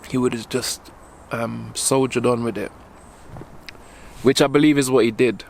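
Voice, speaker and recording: A young man vlogging while walking outdoors, speaking haltingly as he holds back tears, with many pauses and fillers. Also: mid-range voice, fairly even intonation, vocal fry, slight background noise. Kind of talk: emotional personal vlog.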